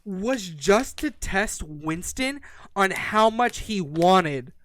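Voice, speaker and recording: A man's voice: high voice, slow pace, dry recording, studio quality. A man co-hosting a podcast, casually recapping a book's plot with lots of swearing. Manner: animated, profane plot recap. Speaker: podcast co-host. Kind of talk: casual book review chat.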